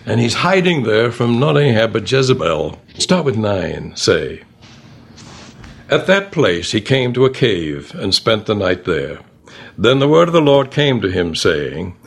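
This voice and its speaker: Man leading a lively Bible class. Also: mid-range voice, unhurried, vocal fry, husky. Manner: reads scripture aloud expressively, then questions the class. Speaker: Bible study teacher. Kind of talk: Bible class reading and discussion.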